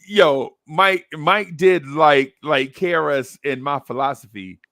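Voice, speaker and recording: A man's voice: on the high side, fairly bright tone, no echo, clean studio sound. A man telling a story in casual chat, acting out voices and laughing often as he goes. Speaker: podcast co-host telling a story.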